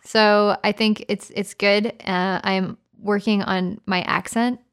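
A woman's voice: medium pitch, flat delivery, takes it slowly, smooth. Canadian woman, podcast co-host, breezy and joking. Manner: chatty, playful, slips into joking accent impressions. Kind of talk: casual chat.

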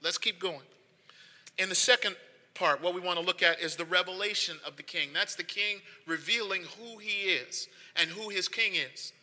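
Pastor, male, piercingly bright tone, conversational sermon building to emphatic repeats, reverberant sanctuary. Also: high voice, moderate pace. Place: church sanctuary. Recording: long hall reverb.

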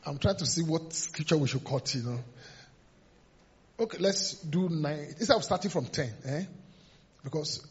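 A man's voice: on the high side, moderate pace, long pauses, husky. A man preaching a sermon as pastor, emphatic and repetitive, sometimes laughing and acting out voices. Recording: dull lo-fi sermon recording.

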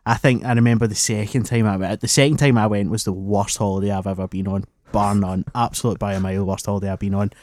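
A man's voice: on the low side, level tone, quick pace, few pauses, a little mellow, no echo, studio quality. A Scottish man co-hosting a podcast, telling wry, self-deprecating stories with plenty of swearing. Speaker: podcast co-host. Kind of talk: casual chat.

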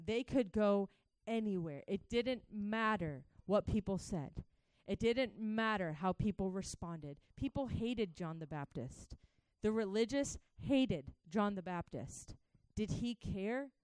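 Animated woman preaching a sermon. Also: medium pitch, slow, hardly any pauses, smooth, no echo. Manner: animated, swings from hushed to shouting with joy; laughs between points, speaks to listeners as guys.

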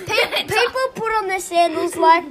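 A woman's voice: very high voice, moderate pace, over a noisy crowd. A teenage girl with an Australian accent co-hosting a casual podcast, cheeky and telling funny stories. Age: teens. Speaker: podcast co-host. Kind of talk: casual chat.

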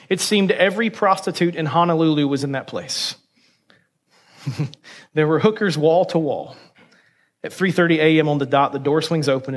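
A man preaching a sermon, reading a story aloud with lively character voices and then leading the congregation in prayer. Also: on the high side. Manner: reads quoted characters with small voice shifts, then prays. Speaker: pastor.

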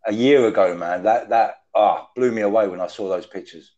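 A man's voice: lowish voice, fairly quick, dark tone. An English man joining a podcast remotely, talking in earnest, hesitant casual chat and often restarting his phrases. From England. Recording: dull lo-fi call audio.

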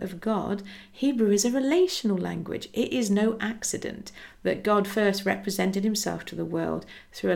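A woman's voice: mid-range voice, creaky, darkish tone. A woman hosting a devotional podcast, talking in an earnest, encouraging way and acting out little conversations as she goes. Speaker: podcast host. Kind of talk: casual devotional podcast talk.

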